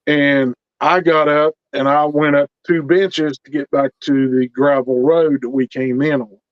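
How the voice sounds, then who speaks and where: A man's voice: fairly high pitch, steady tone, unhurried, no room sound, lo-fi sound. A man telling a story in a folksy, earnest way, often repeating words as he builds tension. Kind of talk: casual spoken storytelling.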